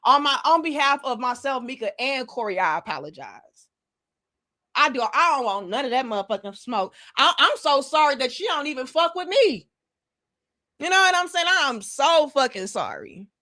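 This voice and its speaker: Woman host, slightly high voice, salty sarcastic rant. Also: moderate pace. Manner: profane, sarcastic, animated with exaggerated mock apologies. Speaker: commentary channel host. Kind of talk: casual commentary rant.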